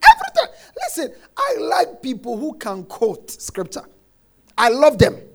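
A man preaching a sermon, quoting scripture and repeating his refrain, dropping soft and then shouting. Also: very high voice, wildly swooping pitch, unhurried. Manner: emphatic, repeats phrases, swings between soft and shouted lines; quotes scripture, acts out congregants' complaints.

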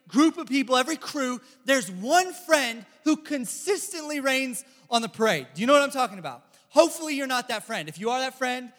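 A young man giving a casual youth sermon, chatty and animated, telling stories and reading scripture. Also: extremely high pitch, fairly quick, few pauses. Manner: animated, chatty, lots of "like" and "bro". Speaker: youth pastor. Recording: echoey hall reverb.

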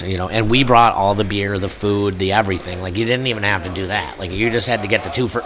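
A man's voice: on the low side, fairly even intonation, fast talker, hardly any pauses, fairly bright tone. A man from the Buffalo area telling a rowdy tailgating story in casual chat, laughing and acting out the quotes.

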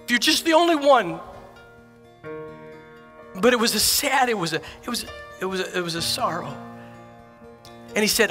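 A man's voice: sits high, lively intonation, normal speed, pauses often, a bit bright, soft background music. A man preaching a sermon as pastor, telling personal stories in an earnest, emphatic way with repeated phrases. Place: church sanctuary.

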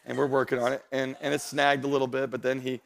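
A young adult man, a pastor, preaching a sermon to his church, building to loud emphatic passages and joking with the congregation. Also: mid-range voice, flat delivery, fast, vocal fry, slight background noise. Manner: jokes with the congregation. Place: church stage before a congregation.

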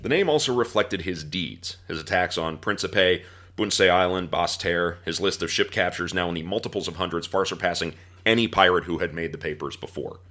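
A man hosting a podcast, telling a history story in an animated storytelling way. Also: sits low, brisk. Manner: animated storyteller, breaks into laughter and mock voices.

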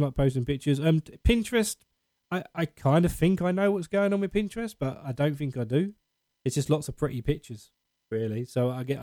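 A man's voice: a little high, warm tone, dry recording. A man with an Essex accent hosting his podcast segment, rambling and self-mocking in casual chat. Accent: Essex English.

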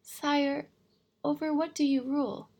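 A woman reading an audiobook, voicing a small, timid boy prince who asks polite, shy questions, with a husky, gravelly edge. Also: high-pitched, fairly even intonation, measured pace, voice pushed up. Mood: wondering. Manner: timid, polite, soft-spoken.

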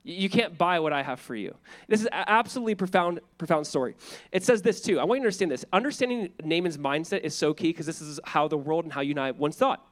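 A man preaching a sermon as pastor, casual and animated, acting out people in the story with quick voices. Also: on the high side.

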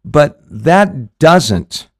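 A man's voice: on the high side, big pitch swings, drawn-out words, breathy edge, dry recording, clean studio sound. A male pastor hosting a show, teaching scripture in an earnest, conversational way, with frequent restarts and fillers.

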